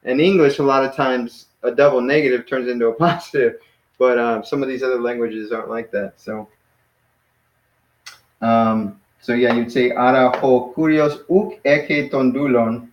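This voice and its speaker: A man's voice: mid-range voice, normal speed. Chill guy tutoring one student, laughs a lot, echoey room, kinda muffled audio. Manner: relaxed, encouraging, says "man" and laughs. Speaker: Greek teacher. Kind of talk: casual one-on-one language lesson.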